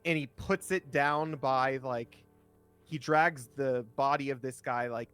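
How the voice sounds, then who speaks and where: A man's voice: mid-range voice, steady tone, slow pace, a bit bright, smooth, faint music behind. A man playing a tabletop game, loosely describing his character's actions with fillers. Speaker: player. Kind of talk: casual play at a tabletop game.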